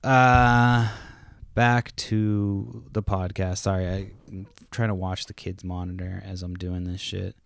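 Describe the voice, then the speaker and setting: A man's voice: low voice, flat delivery, takes it slowly, vocal fry, dry recording, clean studio sound. A man in his thirties hosting a podcast from home, rambling casually and cursing often as he goes off on tangents. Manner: profane, rambling, self-interrupting. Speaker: podcast host. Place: home, kids nearby.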